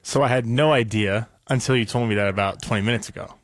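A man's voice: medium pitch, fast, no room sound. A man, a radio producer, chatting casually with the host in easygoing banter.

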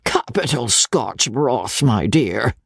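A coarse, jovial old baronet, voiced by a man speaks bluntly and heartily, his voice gravelly and rising and falling freely. Dry close sound. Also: mid-range voice, expressive, slow pace, no room sound, exaggerated voice.

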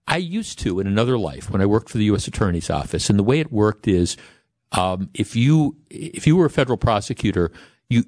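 A man's voice: fairly low pitch, a little mellow, no room sound, clean studio sound. A middle-aged man from Wisconsin hosting a radio talk show, rambling chattily with many restarts. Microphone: studio microphone.

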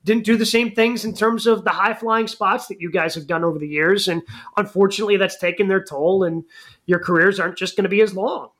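A man's voice: sits high, steady tone, fairly quick, fairly bright tone. A man co-hosting a wrestling podcast in casual chat, talking in a rambling way with lots of restarts. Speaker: podcast co-host.

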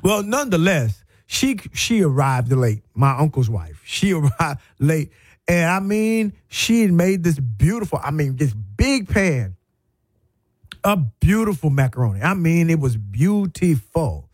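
A middle-aged man, hosting a radio talk show and telling a family story in an animated, emphatic, folksy way. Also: on the high side, unhurried, no echo. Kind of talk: storytelling monologue. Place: radio studio.

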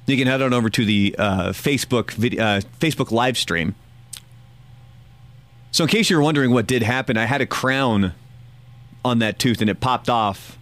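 A man in his forties hosts a casual morning radio show at an ordinary pitch. He has a slight lisp and a dry, self-mocking way of talking, often breaking into a chuckle. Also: moderate pace, long pauses, fairly bright tone, dry recording. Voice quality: slight lisp from a missing tooth.

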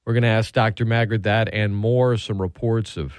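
A man's voice: on the low side, fairly even intonation, normal speed, clean tone, no echo, clean studio sound. A man hosting a sports radio show, talking casually and chattily with frequent restarts and asides.

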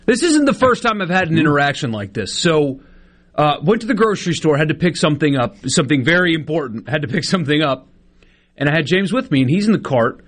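A man's voice: on the high side, big pitch swings, fast, fairly bright tone. A man in his thirties co-hosting a sports radio show, telling an indignant story with lots of stammered restarts. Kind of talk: casual radio banter.

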